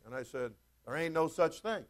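A man's voice: a little high, lively intonation, normal speed. A male pastor preaching a sermon in a fervent, conversational way, often turning to speak straight to his congregation.

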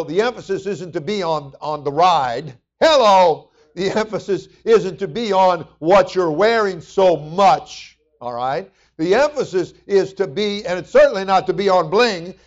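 A pastor delivers a sermon in a slightly high-pitched male voice, swinging between loud shouted calls and low, rambling asides. His talk is folksy, full of repeated words and restarts. The recording sounds muffled and lo-fi. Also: animated, normal speed.

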